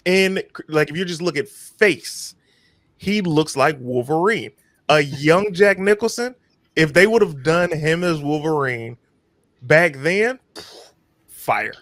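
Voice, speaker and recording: Quick-talking man on a podcast, dry sound. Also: fairly high pitch, expressive, fairly bright tone, no echo. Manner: quick, confident opinions in bursts. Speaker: podcast co-host. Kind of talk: casual chat.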